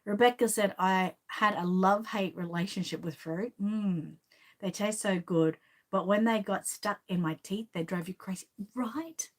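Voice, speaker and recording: Australian woman, live stream host, chatty and rambling, mid pitch. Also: unhurried. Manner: chatty and rambling, reads out viewer comments. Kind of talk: casual live stream chat.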